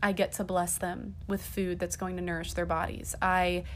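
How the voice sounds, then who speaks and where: A woman's voice: lowish voice, flat delivery, moderate pace, a bit bright, a little hiss or hum. A woman in her thirties hosting a casual podcast, talking chattily with lots of ums and restarts. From half Irish. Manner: chatty, rambling, frequent ums. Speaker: podcast host. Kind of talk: casual chat.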